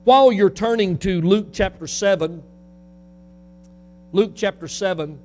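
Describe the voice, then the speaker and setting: Fiery high-voiced preacher man. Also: unhurried. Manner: fiery, swings between shouting and quiet. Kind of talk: sermon.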